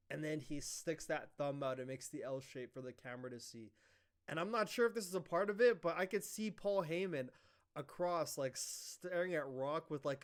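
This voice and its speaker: A young man casually recapping a wrestling show, excitable and full of fillers and swearing. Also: high-pitched. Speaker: wrestling review host.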